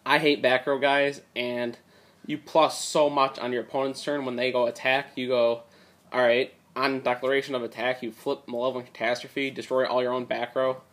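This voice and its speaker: A man's voice: medium pitch, little pitch movement, normal speed, fairly bright tone. Young male hobbyist, casual rambling delivery, slightly strained voice, tablet recording. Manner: rambling, many fillers and "like". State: strained voice from talking a lot. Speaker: card game deck reviewer. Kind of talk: casual deck profile talk.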